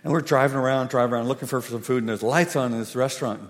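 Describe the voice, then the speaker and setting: A preacher telling a funny story in an animated, humorous way. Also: male voice, mid-range voice, very fast. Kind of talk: sermon storytelling. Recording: long hall reverb.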